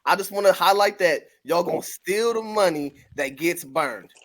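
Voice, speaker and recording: A man's voice: high-pitched, normal speed, fairly bright tone, slight background noise. A man co-hosting a podcast, chiming in with laid-back banter about a movie. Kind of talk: casual movie recap chat.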